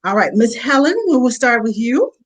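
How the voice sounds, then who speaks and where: A woman hosting an online video call show, chatty and quick to laugh. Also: fairly high pitch, expressive, low-quality recording. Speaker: host. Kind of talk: casual online chat.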